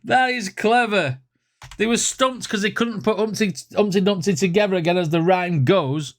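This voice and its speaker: A man's voice: high-pitched, brisk. A man hosts a music reaction video, breaking down lyrics with chuckles and enthusiasm. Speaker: music reaction channel host. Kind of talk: casual reaction commentary.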